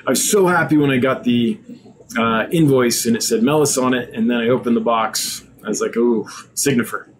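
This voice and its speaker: A man's voice: mid-range voice, a little fast, background noise. A tired man hosting a live stream, reading viewer usernames aloud and chatting casually, sometimes stumbling over words.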